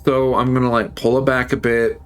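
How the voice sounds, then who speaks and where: A man's voice: mid-range voice, flat delivery, fairly quick, clean tone, faint music behind. A man streaming, telling a story in a casual, heated, profane way.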